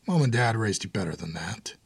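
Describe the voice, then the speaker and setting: A grim, blunt hardened brother speaks in a low, husky voice, as an audiobook narrator puts him on. He talks with quiet urgency. The sound is dry and close. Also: expressive, a little fast, no echo, full character voice.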